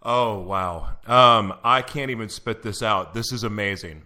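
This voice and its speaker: A man's voice: on the low side, measured pace, sharp tone. A man hosting a live radio show from a studio, giddy and emotional, stumbling over his intros.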